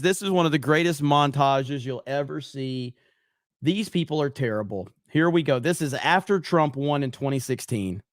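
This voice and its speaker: A man's voice: on the high side, lively intonation, normal speed, dry recording, clean studio sound. A man hosting a livestream, talking casually with scornful, exasperated asides and frequent swearing. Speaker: livestream host.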